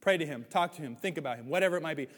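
A man preaching a sermon as pastor, animated, swinging between loud, excited stretches and hushed ones. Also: fairly high pitch, racing. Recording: hall reverb.

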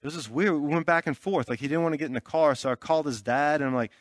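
This pastor has a slightly high voice and races along, delivering a sermon built around a personal story. He speaks loosely and conversationally, full of fillers, and keeps checking in with his listeners. There's no room sound in the clip.

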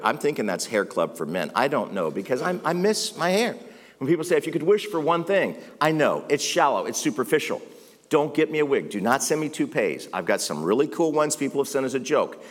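A middle-aged man preaching a sermon as pastor, conversational, emphatic and self-deprecating. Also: mid-range voice. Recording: long reverb of a large hall.

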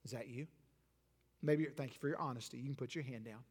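A pastor preaching a sermon with an altar call, rising to emphatic peaks and then dropping soft and intimate. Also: male voice, medium pitch, quick pace, breathy edge. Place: church sanctuary. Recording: long hall reverb.

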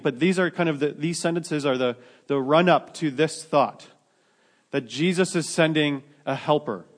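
A man preaching a sermon to his church in a conversational way, often restarting his sentences and adding joking asides. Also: on the high side. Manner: conversational, many restarts, self-deprecating asides. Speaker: pastor.

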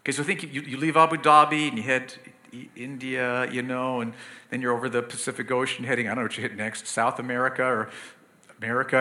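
Bright-voiced man preaching a sermon. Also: medium pitch, fairly even intonation. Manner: earnest teaching, building to emphatic bursts with slow stressed words.

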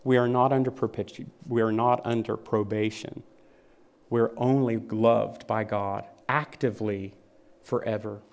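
A man's voice: lowish voice, steady tone, unhurried, vocal fry, a little mellow, a little hiss or hum. A man preaching a sermon in an earnest, vivid manner, often repeating phrases for weight.

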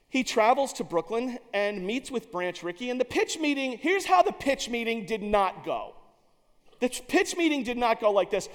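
A man telling a story in an animated, emphatic way, with some restarts. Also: high-pitched, moderate pace. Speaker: speaker. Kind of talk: storytelling speech. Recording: long hall reverb.

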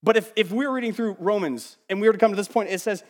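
Animated preacher with a high-ish voice. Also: male voice, a little fast, in a large hall. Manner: animated preaching with sudden drops to quiet asides; emphatic, repeats words while building a point. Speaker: pastor. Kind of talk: sermon.

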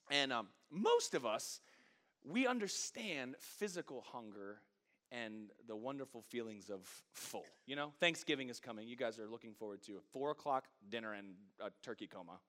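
A man's voice: a little high, a bit bright. A middle-aged man pastor, delivering a sermon that moves from funny storytelling to fervent preaching.

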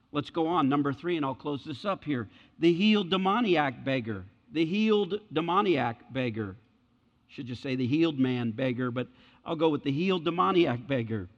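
A man's voice: mid-range voice, animated, moderate pace. Earnest preacher man in a reverberant hall. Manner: earnest, emphatic, frequently checks in with listeners. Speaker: pastor. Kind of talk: sermon. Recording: dull lo-fi sound with long hall reverb.

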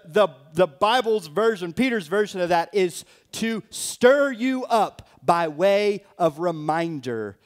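Expressive high-voiced man preaching. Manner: expressive, mocking scoffers in a raised voice, dropping low and soft for emphasis. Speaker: church elder preaching a farewell sermon. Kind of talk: sermon.

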